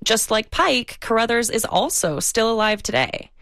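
Female news correspondent, mid-range pitch, steady factual delivery, dry studio mic. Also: normal speed, no echo. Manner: even, factual reporting. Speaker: investigative correspondent.

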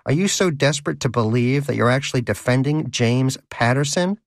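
A man's voice: mid-range voice, a little fast, no room sound, studio quality, voice pushed up, lightly acted. A man voicing a cynical, greedy male pet rodent in a cage, in a scornful, mocking manner. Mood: exasperated.

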